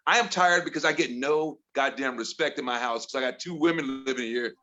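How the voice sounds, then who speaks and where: A man's voice: fairly quick, bright, forceful tone, muffled recording. Exasperated man from Chicago doing stand-up. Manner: exasperated storytelling, mimics family in higher voices. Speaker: stand-up comedian. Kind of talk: stand-up set. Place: comedy bar with audience.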